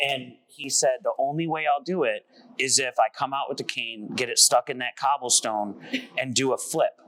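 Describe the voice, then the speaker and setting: A male podcast host speaking in a relaxed, casual way at a middle pitch. He retells a film anecdote loosely, filling the gaps with "he's like", then turns the talk back to his guest. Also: moderate pace, rough recording. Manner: relaxed, short backchannels, retells stories loosely. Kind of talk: casual interview.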